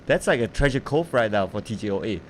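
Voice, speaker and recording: A man casting a mobile esports match live, in a relaxed, chatty way and laughing easily. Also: fairly low pitch, quick pace. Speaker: esports caster. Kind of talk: live game commentary. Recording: faint background noise.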